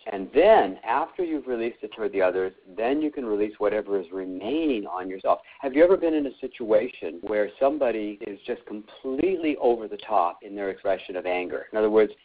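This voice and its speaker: A man leading a call-in workshop, explaining calmly with plain everyday examples. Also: lowish voice. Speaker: workshop leader taking callers. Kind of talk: conversational coaching call. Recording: tinny phone-like line.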